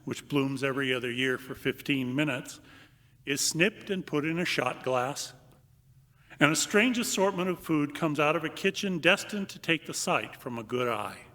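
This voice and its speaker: An older priest preaches a homily in a bright, forceful voice that sits a little high for a man. He speaks slowly and thoughtfully with long pauses, and turns lively and comic when he reads aloud. The sound rings with the long reverb of a large church. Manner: reflective, unhurried delivery with long pauses.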